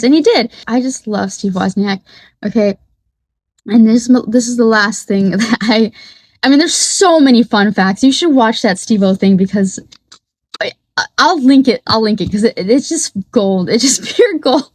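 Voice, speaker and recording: Woman, podcast host, casual rambling talk, swears a lot, laughs often, high voice. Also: normal speed, dry recording. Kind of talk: casual monologue.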